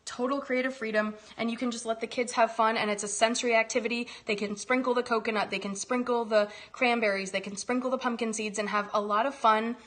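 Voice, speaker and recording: Bubbly woman with a high voice. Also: fairly even intonation, fast talker, hardly any pauses, a bit bright. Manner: upbeat and gushing, chatty asides. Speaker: host demonstrating a recipe. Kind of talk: casual live cooking demo.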